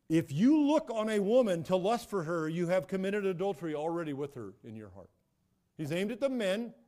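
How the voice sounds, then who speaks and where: A man's voice: high-pitched, darkish tone. A middle-aged man preaching a sermon as a pastor, emphatic and repetitive, often restarting his phrases.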